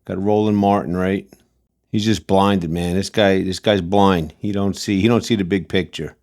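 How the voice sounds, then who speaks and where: A man's voice: sits low, steady tone, moderate pace, a little mellow. A man hosting a commentary channel, ranting in a blunt, combative, slangy way and repeating his points. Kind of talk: casual commentary rant.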